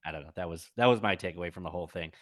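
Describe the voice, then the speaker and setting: A man's voice: low voice, racing, fairly bright tone. A man co-hosting a podcast in casual chat, recapping episodes in a dry, wry way. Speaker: podcast co-host.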